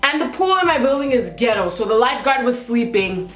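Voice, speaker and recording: A young woman, telling a dramatic storytime, sassy and animated. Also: a little high, a little fast. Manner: sassy, dramatic, acts out quotes. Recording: roomy echo with faint music.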